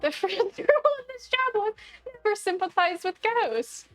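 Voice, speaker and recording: A woman's voice: extremely high pitch, expressive, normal speed, a bit bright, soft background music. A young woman streamer reading game dialogue aloud, often breaking into giggles. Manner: giggly, keeps breaking into laughter while reading.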